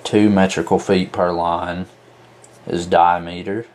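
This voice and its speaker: A man teaching a lesson, explaining slowly and methodically, counting out examples as he points to a board. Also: low-pitched, flat delivery, a little mellow. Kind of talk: explaining at a whiteboard.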